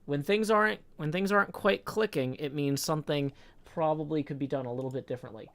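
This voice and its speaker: A tired man giving casual live game-stream commentary as a streamer, talking to himself and reading chat aloud with soft muttered asides. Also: a little high, brisk, no room sound.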